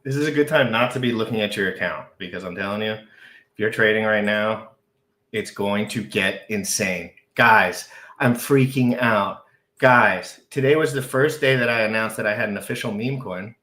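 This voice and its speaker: A man hosting a live crypto stream, talking frantically, overexcited, with shouts and repeated phrases. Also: fairly low pitch, fairly quick, echoey room. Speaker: crypto livestream host. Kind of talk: excitable live stream chat.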